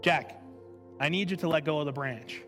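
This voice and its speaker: A man voicing God as a calm, patient presence, speaking slowly and steadily. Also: fairly high pitch, voice pushed down, natural voice. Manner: slow, steady, reassuring. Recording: reverberant hall with faint music.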